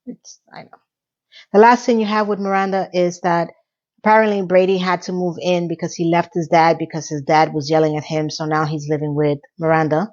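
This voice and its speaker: A middle-aged woman talks through a TV episode in a loose, chatty recap, her voice jumping up in pitch when something moves her. The sound is a little dull and muffled. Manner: chatty and emotional, with quick rises in pitch. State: tearful. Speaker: TV recap vlogger. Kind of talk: casual solo recap.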